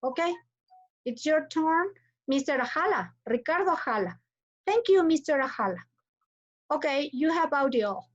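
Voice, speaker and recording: A woman with a high, lively voice teaches an English class online, speaking unhurriedly and pausing often. Spanish is her first language and she has an Ecuadorian accent. She patiently calls on students and repeats their names and cues over a computer mic on a video call, with dull, lo-fi audio.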